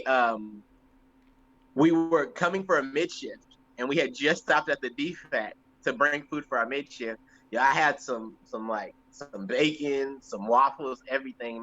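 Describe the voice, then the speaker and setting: A young man co-hosting a podcast, telling stories casually and acting out the voices of people in them. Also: a little high. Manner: animated, acts out voices in anecdotes. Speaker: podcast co-host. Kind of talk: casual storytelling. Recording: slightly muffled lo-fi audio.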